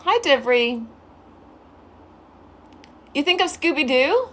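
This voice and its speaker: A woman with a high voice streams live in a casual, chatty way. She greets her viewers one by one by name and answers their comments with sweet affection. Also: big pitch swings, measured pace, pauses often. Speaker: livestreamer. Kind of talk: casual livestream chat.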